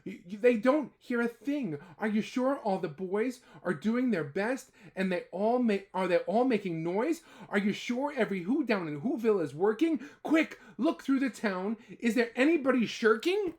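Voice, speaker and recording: A man's voice: sits high, lively intonation, normal speed, few pauses, darkish tone, voice pushed up. A man voicing a kind, earnest elephant, talking urgently in a children's storybook reading. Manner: pleading, urgent.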